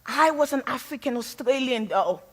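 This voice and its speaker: A woman's voice: sits high, moderate pace, husky, big-room sound. A woman from Sierra Leone, whose first language is not English, gives a frank, humorous stage talk as a guest speaker. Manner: frank, humorous, animated storyteller. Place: stage before a live audience.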